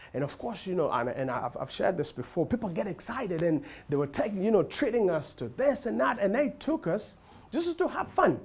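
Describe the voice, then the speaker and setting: A male stand-up comedian from Africa, telling animated stories and laughing along on stage. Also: high voice. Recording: live crowd and noise. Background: audience laughter.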